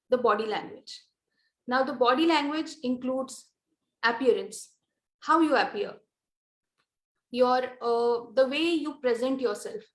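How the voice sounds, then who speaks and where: A woman with an Indian English accent giving a lecture on presentation skills, explaining in a measured way with frequent fillers. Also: high voice, echoey room.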